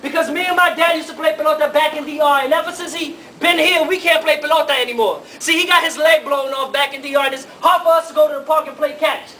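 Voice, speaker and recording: A man's voice: very high-pitched, fairly even intonation, quick pace, few pauses, pushed and bright, a little hiss or hum. A man voicing a cheeky, eager Dominican boy in Harlem with a Dominican Spanish accent, who mixes in Spanish words. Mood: earnest. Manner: drops Spanish words, says "oye, eh". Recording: live hall from afar, audience.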